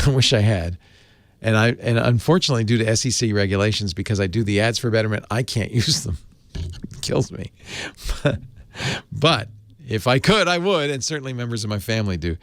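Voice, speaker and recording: A man's voice: medium pitch, gravelly, no room sound. A middle-aged man hosting a tech talk show, reading an ad in a chatty way with personal asides. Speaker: podcast host reading an ad. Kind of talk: conversational live ad read.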